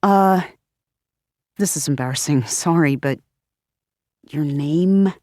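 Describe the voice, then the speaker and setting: Woman voicing an awkward young man, hesitant, halting, low voice, dry close sound. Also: dark tone, no room sound. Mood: embarrassed.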